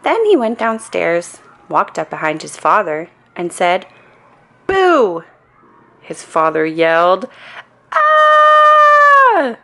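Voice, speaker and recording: A woman reading a children's storybook aloud in a calm, soothing bedtime manner. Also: on the low side, unhurried, gravelly, few pauses. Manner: calm, soothing reading with playful character voices.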